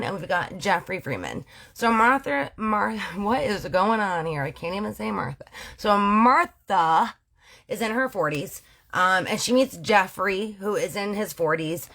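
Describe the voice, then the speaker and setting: A woman's voice: medium pitch, lively intonation, measured pace, gravelly, pushed and bright. A woman from Canada hosting casual true-crime storytelling, slangy and playful, often correcting herself. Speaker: storyteller host.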